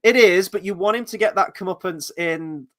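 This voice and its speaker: A man hosting a casual film review discussion, chatty and animated as he tells stories. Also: sits high, normal speed.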